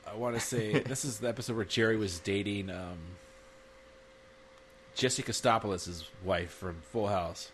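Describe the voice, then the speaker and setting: A man's voice: fairly low pitch, moderate pace, a little hiss or hum. A man co-hosting a casual chat, laughing often and acting out quoted lines. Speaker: podcast co-host.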